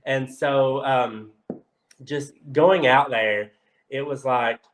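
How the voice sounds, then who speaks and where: A man from Kentucky, a guest on a casual talk show, telling stories in an excitable, animated way. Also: mid-range voice, slow, slight background noise, rough recording. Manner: excitable, animated storyteller with frequent filler "like". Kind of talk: casual chat, storytelling.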